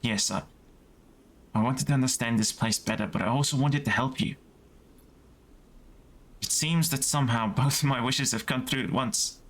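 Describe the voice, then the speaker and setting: A man voicing an elderly female gardener-scientist with a put-on Welsh accent, speaking softly and earnestly as he reads game dialogue aloud. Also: mid-range voice, moderate pace, pauses often.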